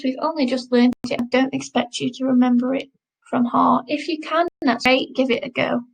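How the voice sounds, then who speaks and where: A woman teaching a recorded French lesson, modelling words slowly and repeating them for learners to copy. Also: high voice, gravelly, darkish tone, rough recording. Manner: slow, careful pronunciation drills, repeating words.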